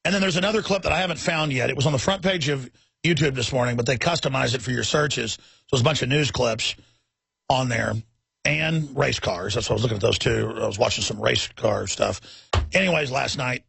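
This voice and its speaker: A man hosting a radio talk show, ranting in a fiery, mocking way with quick tangents. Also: mid-range voice, vocal fry, fairly bright tone, husky, dry recording.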